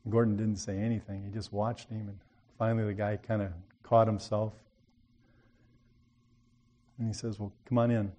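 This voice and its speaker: A man delivering a sermon in a low, mellow voice, with a warm and unhurried tone. He tells his story in a plain, folksy way. Now and then he builds to an emphatic appeal to his listeners. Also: little pitch movement. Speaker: preacher.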